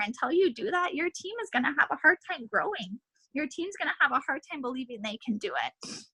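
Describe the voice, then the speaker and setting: A woman's voice: high voice, lively intonation, brisk, pushed and bright, dry recording, poor audio. A woman team leader giving an emotional, impassioned motivational pep talk over a video call, repeating her points for emphasis. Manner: emotional, impassioned, repetitive exhortations.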